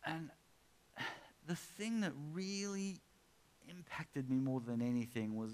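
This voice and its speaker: A man preaching a sermon, telling a personal story in a chatty way and then rising into drawn-out, impassioned exhortation. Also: on the high side, animated, a little mellow.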